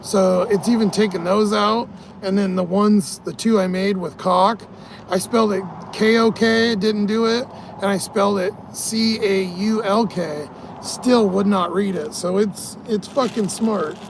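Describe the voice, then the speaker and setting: A man's voice: sits high, steady tone, a little slow, gravelly, slight background noise. A tired man vlogging in a casual, rambling way, swearing often and laughing at his own stories. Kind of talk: casual rambling vlog talk.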